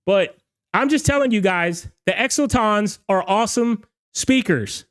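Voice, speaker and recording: A male DJ show host with a high, animated voice rants on a casual livestream, speaking a little slowly. He's emphatic, repeatedly asking "okay?" and "all right?", and sounds slightly hoarse from talking all night.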